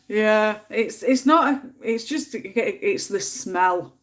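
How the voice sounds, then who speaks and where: An English woman chats easily through a home colouring livestream, laughing often and drifting into mumbles as she hunts for the right shade. She has a bit of a cold. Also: mid-range voice. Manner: chatty, laughs often, mutters to herself while picking colours. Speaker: livestream host. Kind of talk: casual livestream chat while colouring.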